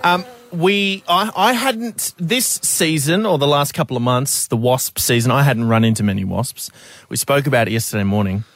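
A man's voice: medium pitch, moderate pace, fairly bright tone. A young Australian man co-hosting breakfast radio, telling rambling stories with lots of laughs. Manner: rambling storyteller, laughs often. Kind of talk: casual radio banter.

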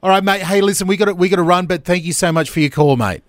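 A man hosting a breakfast radio show, upbeat and quick to laugh. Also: high-pitched, no room sound, clean studio sound. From Australia. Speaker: radio host. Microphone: studio mic.

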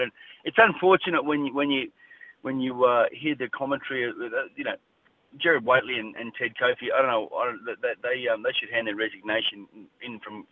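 Fired-up australian boxer on a phone line. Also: male voice, mid-range voice. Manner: blunt, repetitive, fired-up. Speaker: boxer guest. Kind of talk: radio phone interview. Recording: tinny phone line with faint noise.

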